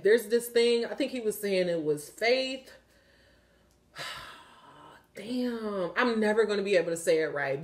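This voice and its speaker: A woman giving a casual spiritual tarot reading, animated and profane, often laughing as she talks. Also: medium pitch. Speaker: tarot reader.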